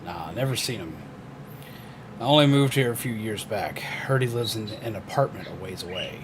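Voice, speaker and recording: A man voicing a gruff male villager from a horror game, reading the lines low and flat. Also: moderate pace, background noise, close to an everyday voice.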